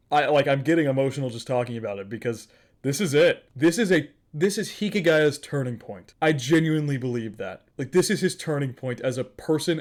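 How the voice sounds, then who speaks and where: A man giving casual, emotional anime reaction commentary, gushing and repeating himself. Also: mid-range voice.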